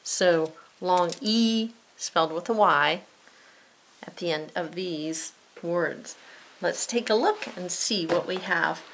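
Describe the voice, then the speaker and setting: A woman's voice: on the low side, pushed and bright. A woman teacher giving a spelling lesson to children, playful and drawn out, with teasing asides.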